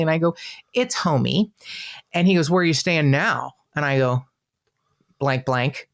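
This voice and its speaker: A woman's voice: fairly low pitch, normal speed. A middle-aged woman from Southern California tells a story on her podcast in loose, casual chat. She swears freely and acts out the lines of the people she met. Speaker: podcast co-host.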